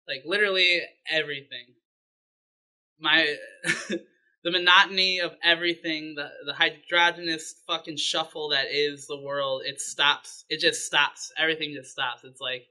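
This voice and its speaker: A male comedian talks emphatically in a documentary interview and repeats himself. His tone is very bright and sharp, and his pitch sits a little high. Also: fairly even intonation, normal speed, low-quality recording. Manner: emphatic, repetitive.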